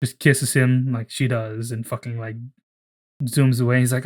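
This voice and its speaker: A man in casual podcast chat who rambles and swears freely. He keeps restarting his sentences as he pitches ideas, and his voice sits in a middle pitch. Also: little pitch movement, normal speed, a little mellow. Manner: rambling, profane, full of restarts. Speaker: podcast co-host.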